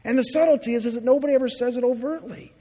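A man's voice: extremely high pitch, racing, mellow, big-room sound. A man preaching a sermon as a pastor, earnest and emphatic, with many rhetorical questions.

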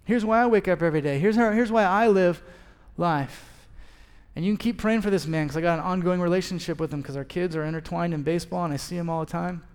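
A man's voice: high voice, fast, darkish tone, clean tone. A man in his thirties preaching a sermon as a pastor, telling a story and acting out both sides of the conversation. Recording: long hall reverb.

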